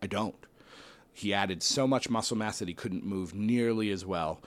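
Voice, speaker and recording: A man casually commentating and thinking aloud while ranking tag teams, weighing options with excited outbursts and playful asides. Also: on the low side, normal speed. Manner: self-deprecating, playful asides. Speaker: host ranking a wrestling tag team bracket.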